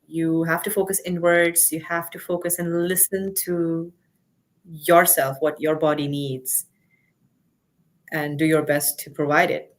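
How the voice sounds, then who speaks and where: A woman host asking questions, affirming her guest and sharing a lively personal story. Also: low voice, unhurried. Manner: engaged, affirming, tells lively personal anecdotes. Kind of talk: casual interview chat.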